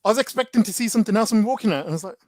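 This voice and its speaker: A man's voice: sits high, expressive, rapid-fire, dry recording. A man, a guest in a casual chat, telling stories animatedly with lots of slang and filler words. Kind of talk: casual storytelling.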